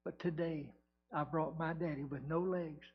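A man preaching, voicing a solemn grown son whose father lost his legs in war, speaking low and earnest. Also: fairly even intonation, normal speed, slightly rough. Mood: somber. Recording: dull lo-fi church recording.

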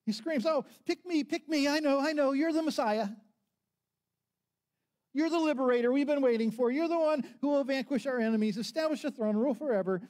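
A man voicing an overexcited young male disciple who shouts his answers in breathless eagerness. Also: extremely high pitch, normal speed, few pauses, pitched above the performer's own voice. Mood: eager, shouting.

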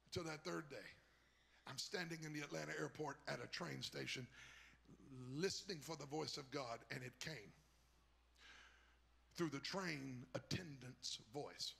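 A bishop preaching a sermon, telling a story that builds into shouted preaching. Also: male voice, a little slow, gravelly, long pauses, slightly rough. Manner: rises from low storytelling to shouted, high-pitched preaching.

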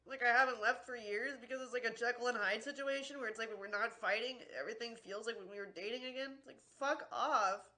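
A woman's voice: a little high, fast talker, hardly any pauses, bright, forceful tone. A woman streamer in an angry livestream rant, swearing constantly and sounding exasperated and worn out.

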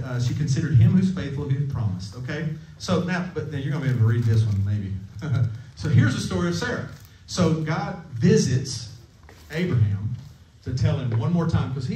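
A man's voice: medium pitch, warm tone, slight background noise. Brief: male camp preacher, jokey and conversational, recorded at a distance in a roomy chapel. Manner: playful, jokey, asks the room questions. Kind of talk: casual sermon to middle schoolers. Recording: echoey room, mic at a distance.

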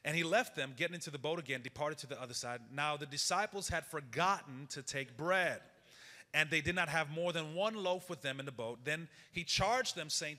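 A man preaching a sermon and reading scripture, repeating phrases for emphasis and dropping to a hushed, intense tone. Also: a little high, normal speed, in a large hall. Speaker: pastor.

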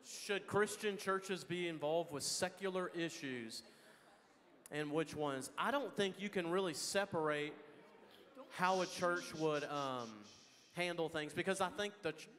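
Texan man, slightly high voice, folksy and joking, reverberant chapel hall. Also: fairly bright tone. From Texas. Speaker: guest answering student questions. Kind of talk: casual chapel Q&A.

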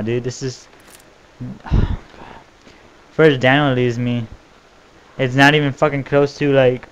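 A young man giving gameplay commentary, swearing and raging with outbursts that jump loud and high. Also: steady tone, unhurried, long pauses, a little hiss or hum. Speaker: gaming channel host.

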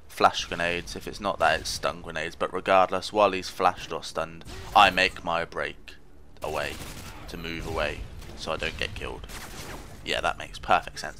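A gaming commentator with a low voice rambles through casual gameplay commentary, mocking himself and trash-talking the opponents he runs into. His tone is bright and forceful, with a faint hiss of noise beneath it.

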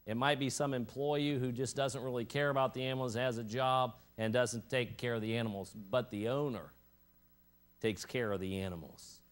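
A man's voice: fairly even intonation, moderate pace. A man, a pastor, giving church announcements, a prayer and an emphatic sermon at an evening service. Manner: announcements and prayer, then emphatic preaching that rises in pitch and loudness.

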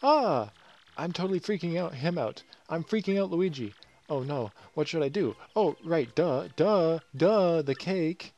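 A man voicing a young girl fan who gushes with squealing, breathless excitement. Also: on the high side, a little slow, lo-fi sound, voice pushed up. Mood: starstruck.

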